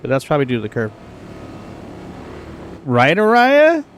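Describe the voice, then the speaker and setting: A man's voice: on the high side, wildly swooping pitch, moderate pace, fairly bright tone, a little hiss or hum. A middle-aged man hosting a livestream, chatting casually with viewers in a rambling, chatty way full of exclamations. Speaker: livestream host. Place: home computer setup.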